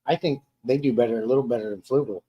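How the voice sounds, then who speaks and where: A man's voice: medium pitch, fast talker, dark tone, breathy edge, dull audio. A man hosting a casual live stream from his dining room at home, reading viewer comments aloud and rambling with frequent restarts and repeated words.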